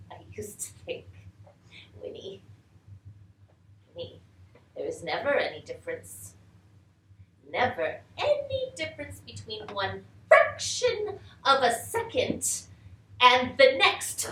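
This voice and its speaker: An actress playing a brave, cheerful middle-aged woman trapped in a mound, on a live theatre stage, swinging between loud outbursts and hushed whispers. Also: high-pitched, slight background noise, heavily acted. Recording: echoey live theatre recording.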